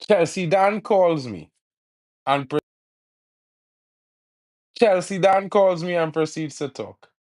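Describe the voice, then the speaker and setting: A man hosting a live football watch-along, teasing rival fans in local slang and yelling about the referee's calls. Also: high voice, slow pace, pauses often. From Trinidad and Tobago. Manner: yells at the referee over fouls.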